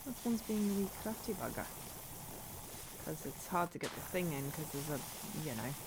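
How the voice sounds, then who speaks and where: A woman's voice: deep voice, expressive, moderate pace, background noise. A woman streaming a cleaning game, chatting casually and self-deprecatingly with her viewers and laughing often. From not American. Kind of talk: casual gameplay chat with viewers.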